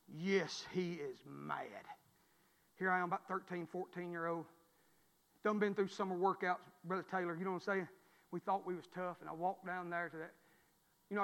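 High-voiced preacher telling a story. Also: male voice, vocal fry, big-room sound. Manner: folksy storytelling, swings from loud to hushed. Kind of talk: storytelling sermon. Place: church.

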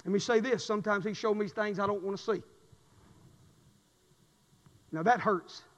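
A man preaching a sermon with a fervent, repetitive cadence, swinging from shouts to low, intense passages. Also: moderate pace. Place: church sanctuary. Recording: dull recording with long hall reverb.

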